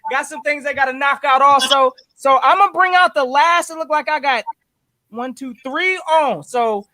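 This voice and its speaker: High, bright-voiced call-in show host. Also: male voice, normal speed, dry recording. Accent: Philadelphia. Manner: laid-back, slangy, calls guests bro and fellas. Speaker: co-host running the call-in lines. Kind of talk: casual call-in show hosting.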